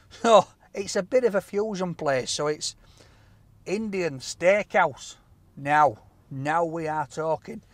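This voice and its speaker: A jokey man hosting a food vlog, his voice sitting a little high. He bursts into loud exclamations as he drives, then walks about outdoors. A faint hum of noise runs behind him. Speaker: food vlogger host. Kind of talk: casual vlog chat. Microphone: camera held by a cameraman.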